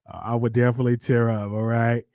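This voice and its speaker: A man's voice: medium pitch, little pitch movement, fast, darkish tone, no room sound, clean studio sound. A man with a Southern US accent hosting a live call-in talk show, chatty and repetitive, laughing often. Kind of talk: casual live call-in commentary.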